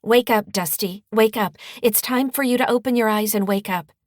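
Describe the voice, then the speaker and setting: A woman's voice: mid-range voice, fairly even intonation, normal speed, no room sound, studio quality, voice pushed up, lightly acted. A woman voicing an emotional, determined grown daughter who speaks insistently.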